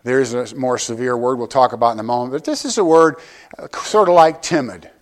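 An older pastor's mid-range voice moves a little fast as he gives a sermon to his church. The tone is conversational and humorous, and he keeps asking the congregation questions directly.

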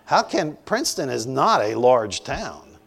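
A man in his sixties tells a story from the pulpit, poking fun at himself and breaking into laughter. His voice sits at an ordinary pitch but swings widely up and down as he acts out the story. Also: very animated, a little slow, creaky, a bit bright. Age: 60s. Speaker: preacher. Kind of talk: storytelling sermon.

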